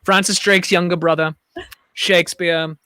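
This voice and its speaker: A man hosts a relaxed livestream conversation. He tells stories with big animation, acting out gasps and other people's voices. His voice sits a little high and the sound is dry, with no room around it. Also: measured pace, smooth, no echo. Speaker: host. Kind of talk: casual livestream chat.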